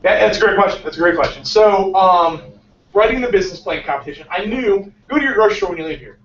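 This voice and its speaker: A man in his twenties, a startup founder giving a casual motivational talk to a room, energetic and often tagging his points with "right?". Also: high voice, quick pace, slight background noise. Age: 20s. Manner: energetic, peppers lines with "right?". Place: lecture room. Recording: echoey muffled room sound from far off.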